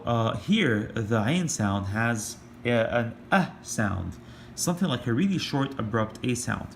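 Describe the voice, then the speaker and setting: Man, casual online lesson, hesitant, lots of fillers, slows to demonstrate sounds, faint background hiss. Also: medium pitch, gravelly. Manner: hesitant, many fillers and restarts. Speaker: language teacher.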